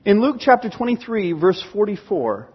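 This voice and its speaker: A man with a high, somewhat husky voice preaches a storytelling sermon, acting out his exclamations with animation. He is recorded in a church sanctuary, and the sound is dull and lo-fi with a long hall reverb trailing each phrase. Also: sing-song, moderate pace. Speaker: pastor.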